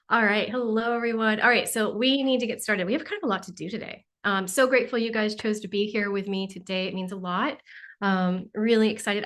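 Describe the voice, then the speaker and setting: A woman's voice: mid-range voice, a bit bright. A woman hosting a casual livestream, effusively greeting viewers as they join, a little sniffly from allergies. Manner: bubbly, effusive, exclaims often. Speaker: livestream host and spiritual teacher.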